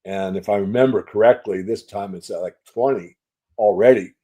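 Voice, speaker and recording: An older man answering interview questions as a market analyst, measured and folksy, repeating phrases for emphasis. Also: fairly low pitch, mellow. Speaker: silver market analyst guest.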